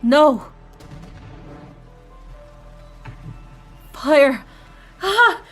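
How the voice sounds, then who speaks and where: A jittery young man speaks in a cowboy-flavored drawl, as a woman puts him on while playing. His voice has a gravelly edge, with faint game music behind it. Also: mid-range voice, moderate pace, close to an everyday voice. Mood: panicked. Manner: cowboy-style voice.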